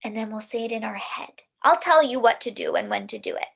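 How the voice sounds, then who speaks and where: A woman leading a mindfulness lesson for children, giving gentle, soothing instructions. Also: on the high side, brisk, vocal fry. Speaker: mindfulness teacher.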